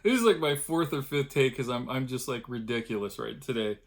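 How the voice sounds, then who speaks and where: This vlogger and cartoonist, a middle-aged man, rambles casually in his home studio room, chatty and quick to put himself down. His medium-pitched voice is brisk.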